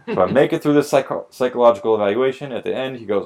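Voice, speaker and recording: A man's voice: medium pitch, very fast, a little mellow. A man on a casual podcast, telling wry, profane stories about the hiring process and a little tipsy. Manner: profane, wry storytelling with mock dialogue. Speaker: podcast co-host explaining police hiring. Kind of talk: casual drinking-podcast chat.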